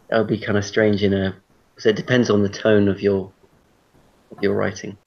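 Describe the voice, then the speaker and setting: A man's voice: fairly low pitch, steady tone, measured pace, vocal fry. A man teaching an online English class, explaining casually with spoken examples over a video call. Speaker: English tutor. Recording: dull lo-fi video call audio.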